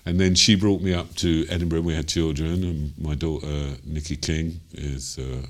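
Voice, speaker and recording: An older man with a Cockney accent and an extremely deep, low voice. He meanders through his memories with ums, you-knows and small chuckles, in the easy way of a seasoned jazz singer being interviewed. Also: fairly even intonation, normal speed. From London, England. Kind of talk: interview storytelling.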